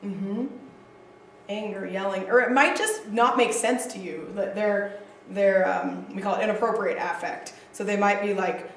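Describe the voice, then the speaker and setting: A woman teaching counseling skills to a group, chatty and animated with frequent fillers and asides. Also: medium pitch, normal speed, a little hiss or hum. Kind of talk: casual training lecture. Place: training room with a group. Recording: echoey room, distant mic.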